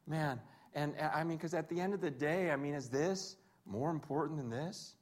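A man preaching a sermon in a lively, conversational way, with self-deprecating jokes and acted-out quotes. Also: high voice, measured pace, slight background noise. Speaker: pastor.

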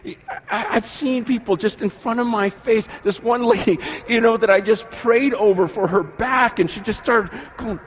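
Man, middle-aged, preaching a sermon, high voice, animated, soft to shouting, faint room noise. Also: normal speed, hardly any pauses. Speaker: pastor.

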